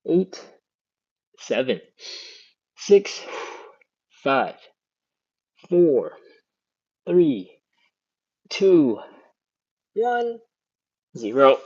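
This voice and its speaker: A man's voice: medium pitch, sing-song, slow pace, long pauses, lo-fi sound. A man hosting a live follow-along stretching class, counting down holds and chatting with viewers as he reads their comments. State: a bit out of breath. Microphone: phone on a stand.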